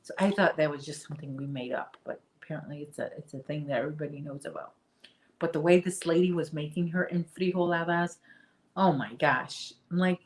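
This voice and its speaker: A woman's voice: deep voice, brisk. A woman hosting a crochet livestream, chatting casually with her viewers and answering their comments, often restarting her sentences. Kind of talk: casual live chat while crocheting.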